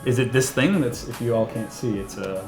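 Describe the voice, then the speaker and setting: A man hosting a casual interview, upbeat and joking, with quick reactions to his guests. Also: mid-range voice, reverberant, music in the background. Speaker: interview host.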